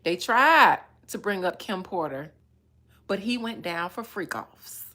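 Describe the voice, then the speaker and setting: Animated, cursing woman psychic. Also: mid-range voice, takes it slowly. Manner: profane, animated, laughs often. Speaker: psychic livestreamer. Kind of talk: casual livestream rant.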